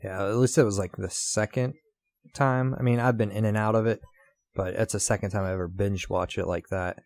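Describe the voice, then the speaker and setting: A man's voice: fairly low pitch, fairly even intonation, fairly quick, a little mellow, no room sound, clean studio sound. A man co-hosting a casual podcast, talking loosely with many fillers and a slight Southern twang. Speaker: podcast co-host.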